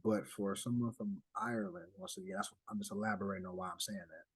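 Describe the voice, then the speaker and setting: A man's voice: lowish voice, very animated, fast talker, gravelly, hardly any pauses, husky, dry recording, poor audio. A man presenting a document to a study group in a casual, conversational way, with asides, restarts and direct address. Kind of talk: casual explanatory talk over slides.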